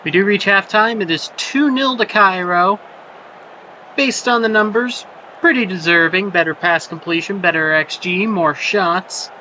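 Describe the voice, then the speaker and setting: A man with a high-sitting, slightly slow voice, pushed and bright, calls a simulated soccer match play by play. He jokes and rambles between plays, then surges when chances come. The recording is rough, with background noise.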